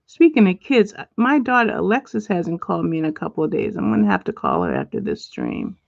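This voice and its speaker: A middle-aged woman hosting a casual livestream, chatting and reading viewer comments out loud at home. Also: on the low side, very animated, brisk, vocal fry, no echo. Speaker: livestream host. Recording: dull lo-fi dry sound.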